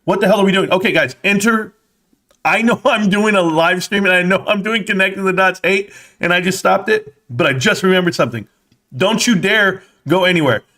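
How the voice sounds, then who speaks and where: Seated at his home desk, a man hosts a live stream in a casual, rambling way, talking straight to his viewers with quick bursts of excitement. His voice sits high.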